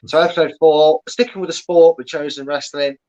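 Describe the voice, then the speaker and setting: A man's voice: on the high side, steady tone, a little fast, darkish tone. A man chatting casually as a guest, plugging his podcast and explaining at length with many fillers. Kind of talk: casual chat. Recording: slightly dull lo-fi audio.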